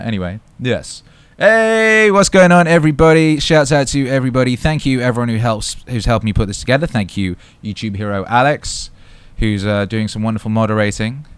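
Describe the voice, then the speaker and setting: Guy hosting a live stream, hyped and sweary, smooth lowish voice, super dry close mic. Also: no room sound. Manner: hyped, swearing, chatty shout-outs. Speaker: livestream host. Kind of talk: casual live chat reading comments.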